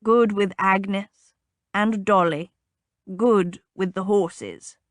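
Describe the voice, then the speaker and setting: A woman voicing a gruff old rural father. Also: drawn-out words, dry recording, clean studio sound. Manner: rumbling, blunt. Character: older gruff rural male patriarch. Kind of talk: audiobook character voice.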